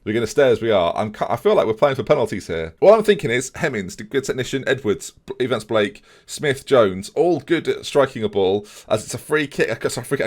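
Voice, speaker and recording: A young man commentating his own video game match, fretting one moment and shouting the next. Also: mid-range voice, a little fast, few pauses. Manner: excitable, swings from fretting to shouting.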